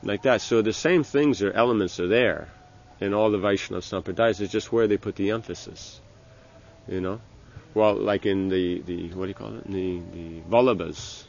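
A low, gravelly male voice delivers a loose, conversational religious lecture, circling back with restarts and filler words. The recording is dull and lo-fi. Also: darkish tone. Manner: halting, many restarts and "you know". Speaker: spiritual teacher.

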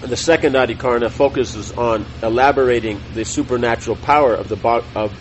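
A middle-aged man teaching a scripture class, reading a text aloud in a measured, deliberate way with small self-corrections and chatty asides. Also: medium pitch, highs cut off, a little hiss or hum.

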